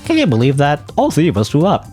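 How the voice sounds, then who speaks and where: A man's voice: a little high, huge pitch swings, fast talker, a little mellow, faint music behind, pitched above the performer's own voice. A man voicing a group of grumpy costumed trick-or-treaters in a whiny, demanding way.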